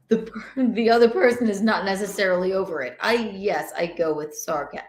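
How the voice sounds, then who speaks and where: A woman's voice: mid-range voice, a little fast, few pauses, soft background music. Chatty woman in an echoey room. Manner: animated, rambling with restarts. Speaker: podcast host. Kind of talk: casual chat. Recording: roomy echo.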